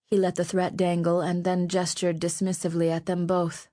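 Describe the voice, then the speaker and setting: A woman reading an audiobook with measured, even storytelling narration. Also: on the low side. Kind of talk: scripted narration.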